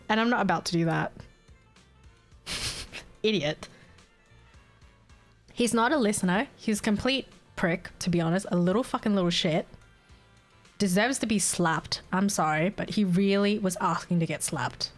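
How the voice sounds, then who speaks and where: A woman live streamer venting in a casual, heated and profane rant, breaking into laughter. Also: mid-range voice. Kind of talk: casual ranting chat.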